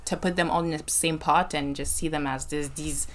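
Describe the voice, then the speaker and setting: A woman's voice: sits low, steady tone, moderate pace, a bit bright. Reflective woman hosting a casual chat. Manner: reflective, faith-minded advice with frequent "right?" check-ins. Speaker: podcast host. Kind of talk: casual conversation.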